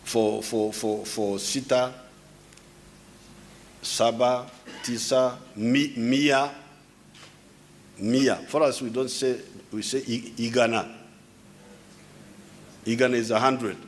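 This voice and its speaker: A man's voice: mid-range voice, steady tone, slow pace, pauses often, a little hiss or hum. A man in his seventies from Uganda, speaking English, gives an unscripted public address in a lecturing way, often restarting and repeating words. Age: 70s. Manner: lecturing, explaining word by word. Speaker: head of state giving a speech.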